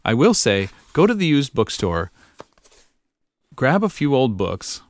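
A man's voice: mid-range voice, very animated, measured pace, dry recording. Thoughtful male ukulele teacher, musing aloud. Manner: musing, thinks aloud with fillers, hums and sings snippets. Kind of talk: relaxed demonstration lesson.

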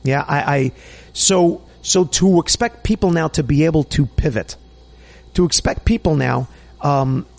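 Podcast host, man, animated chat, high and gravelly. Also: unhurried. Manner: animated, chatty, warm religious Jewish talk with Hebrew terms. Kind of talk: casual chat and read sponsor ad.

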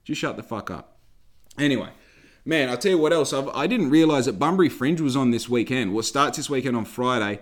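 A man's voice: medium pitch, animated, fairly quick. An Australian man hosts a podcast in a loose, profane rant. He fires off rhetorical questions and swears freely. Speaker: podcast host.

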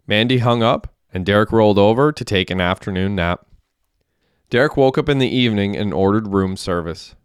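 A man narrating an audiobook with steady, plain delivery. His voice is low and smooth, recorded close and dry with no room sound. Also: a little fast, no room sound. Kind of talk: audiobook reading.

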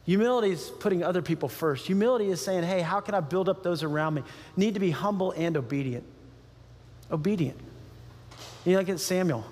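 A male pastor preaching a sermon in an animated way, laughing often and acting out quoted voices. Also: high voice, a little fast. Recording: long hall reverb.

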